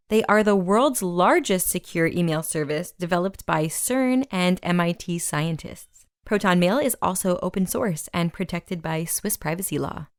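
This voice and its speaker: A woman hosting a community podcast, reading a weekly roundup of announcements and long lists in a brisk scripted way. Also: medium pitch, dry recording, clean studio sound. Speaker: podcast host.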